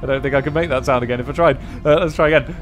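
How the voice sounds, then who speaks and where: A man's voice: medium pitch, very fast, soft background music. A man casually commenting as he plays a computer role-playing game, chatty and self-mocking. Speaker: game let's-player.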